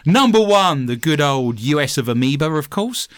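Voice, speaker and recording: A man with an English accent hosting a podcast, chatting in a joking, animated way. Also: on the high side, normal speed, clean tone, no echo, clean studio sound. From England. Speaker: podcast host. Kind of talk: casual podcast chat.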